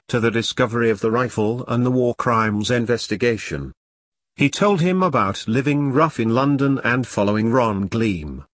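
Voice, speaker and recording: A man narrating an audiobook in a steady storytelling read. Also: medium pitch, dry recording, clean studio sound.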